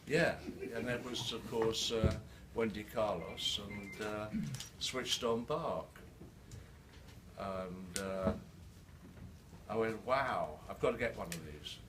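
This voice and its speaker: An older man speaking to a live audience, halting with many restarts, his words slightly slurred by a new denture. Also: fairly low pitch. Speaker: guest speaker. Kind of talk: live storytelling talk. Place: event hall with an audience. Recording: distant mic in a noisy room.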